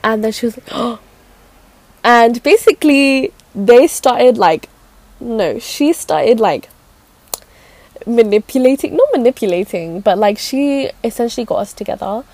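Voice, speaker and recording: A woman's voice: on the high side, expressive, measured pace, a little mellow, no room sound. Giggly, rambling young woman. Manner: giggly, rambling, many fillers and restarts. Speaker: podcast host. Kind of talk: casual personal storytelling.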